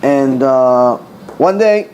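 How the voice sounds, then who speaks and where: A middle-aged man teaching as a rabbi, an animated storyteller who acts out dialogue and repeats words for emphasis. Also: mid-range voice, very slow, lo-fi sound, a little hiss or hum. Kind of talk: Torah class with storytelling.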